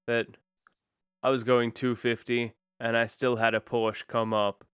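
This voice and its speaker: A man co-hosting a podcast, chatting in a relaxed way and prompting the host with questions. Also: medium pitch, measured pace, clean tone, no room sound. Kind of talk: casual podcast chat.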